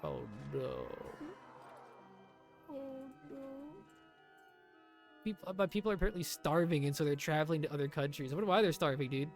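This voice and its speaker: A man streaming a strategy game live, giving sarcastic commentary that swings from low mutters to loud shouts. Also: moderate pace, pauses often, soft background music.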